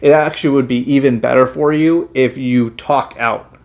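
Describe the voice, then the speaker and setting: A man's voice: medium pitch, normal speed. Chill guy walking you through breathing exercises, kinda rambly with ums, normal mid voice. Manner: relaxed, full of fillers and restarts. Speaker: chiropractor. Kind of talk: casual health instruction.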